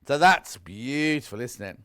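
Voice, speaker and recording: Chatty shopping-channel presenter, lively. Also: male voice, medium pitch, a little slow. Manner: chatty, gushing, self-correcting. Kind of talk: live TV sales pitch.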